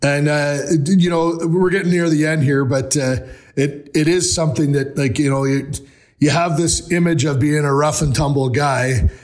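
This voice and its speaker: A man hosting an interview, asking gentle questions with many hesitations and fillers. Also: fairly high pitch, steady tone, moderate pace. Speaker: interview host. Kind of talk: conversational interview.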